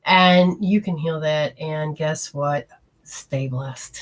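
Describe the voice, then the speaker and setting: A woman's voice: low-pitched, steady tone, slow pace, low-quality recording. Chatty woman healer reading viewer comments. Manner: chatty, meandering, gives hands-on instructions. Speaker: energy healer hosting a live show. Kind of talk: live-stream chat, reading viewer comments.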